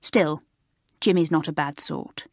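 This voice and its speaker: A woman voicing Moira, a sharp, sneering teenage schoolgirl in an audiobook, cool and mocking. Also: low-pitched, measured pace, vocal fry, dry recording, studio quality.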